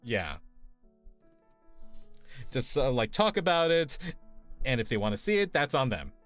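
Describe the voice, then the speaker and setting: Easygoing man with a lively voice. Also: medium pitch, measured pace, soft background music. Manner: laid-back, hesitant with fillers, laughs easily. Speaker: streamer co-host. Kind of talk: casual chat.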